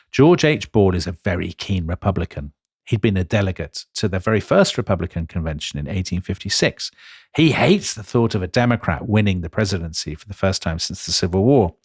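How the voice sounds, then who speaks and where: A man co-hosting a history podcast, telling the story with emphatic, animated delivery. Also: slightly rough, no room sound, clean studio sound. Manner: animated, emphatic, jumps in pitch for stress. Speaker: podcast co-host.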